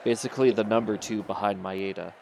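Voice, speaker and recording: Low male co-commentator, laid-back and chatty, faint hiss behind. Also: steady tone, a little fast, vocal fry. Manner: rambling, laid-back, full of wrestling trivia. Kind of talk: casual commentary on a simulated wrestling game.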